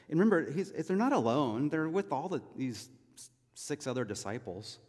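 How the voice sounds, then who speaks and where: Slightly high and a bit mellow, his voice is very animated at a normal speed as he delivers a sermon. The pastor, a Californian, tells it conversationally, tossing in asides and rhetorical questions to his listeners. The recording carries the long echo of a big hall.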